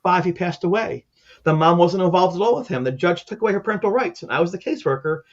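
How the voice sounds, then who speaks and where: A man's voice: high-pitched, animated, fast talker. A man around sixty, a former caseworker and teacher, telling personal stories in an earnest, heartfelt way during an interview. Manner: earnest, heartfelt, acts out the people in his stories. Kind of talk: emotional personal storytelling. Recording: dull lo-fi sound.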